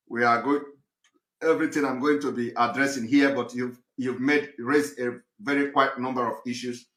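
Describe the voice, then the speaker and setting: Male host, medium pitch, bright tone, halting delivery, echoey room sound. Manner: hesitant, with many fillers. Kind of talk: talk show moderation. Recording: roomy echo.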